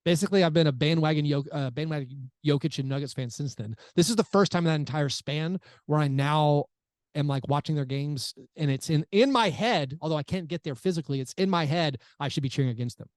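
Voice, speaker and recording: Chatty man, higher-pitched, dry sound. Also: fairly quick, no echo. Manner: chatty, restarts mid-sentence. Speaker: podcast co-host. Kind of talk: casual chat.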